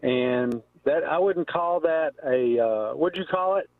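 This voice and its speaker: A man's voice: a little high, expressive, takes it slowly, dry recording. Blunt male caller in his sixties, phone line. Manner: blunt, firm. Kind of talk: phone-in chat. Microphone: telephone.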